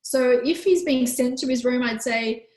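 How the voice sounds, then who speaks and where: A woman hosting a live online parenting workshop who answers questions in a gentle, calm, explanatory way. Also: sits high, moderate pace, echoey room, low-quality recording. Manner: gentle, calm, explanatory, with frequent "you know".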